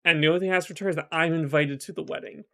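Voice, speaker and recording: A man's voice: fairly high pitch, fairly even intonation, rapid-fire, sharp tone. A man voicing an old witch with one huge foot who strikes a knowing bargain.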